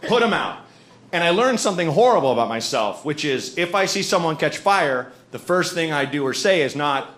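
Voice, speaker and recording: A man doing stand-up and telling a story, acting out his own reactions with lively energy. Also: on the high side, a little fast. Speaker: stand-up comedian. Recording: echoey club with background noise.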